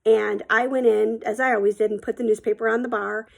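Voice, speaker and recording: A woman's voice: a little high, steady tone, fairly quick, gravelly. A middle-aged woman telling a personal story in a casual, rambling way, with many ums and likes.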